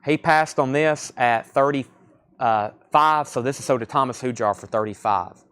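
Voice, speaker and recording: A man with a Southern accent hosting a live record sale, listing titles and repeating prices in quick sales patter. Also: medium pitch, fairly bright tone, clean tone. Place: record shop surrounded by crates.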